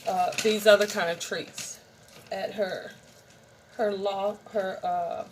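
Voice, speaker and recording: A woman's voice: medium pitch, fairly even intonation, slow, a little hiss or hum. A middle-aged woman vlogger in a rambling, chatty show-and-tell, talking straight to her viewers. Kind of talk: casual show-and-tell vlog.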